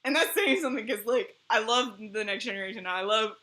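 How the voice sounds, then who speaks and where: A woman streamer in casual chat, animated and rambling, laughing often between thoughts. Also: fairly high pitch, brisk. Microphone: streaming mic.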